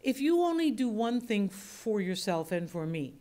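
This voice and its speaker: Blunt, lively woman teaching a workshop. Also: medium pitch, moderate pace. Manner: lively, blunt, demonstrative with her voice. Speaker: voice and reading instructor. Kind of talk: workshop teaching with audience questions. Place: workshop room.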